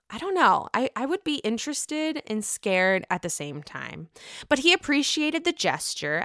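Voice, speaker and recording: Sassy woman recapping reality tv, bright lively voice, swears a lot. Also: mid-range voice, clear, resonant tone, no echo, clean studio sound. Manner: sassy, profane, dramatic quoting of cast members. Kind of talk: casual chat, recapping episodes.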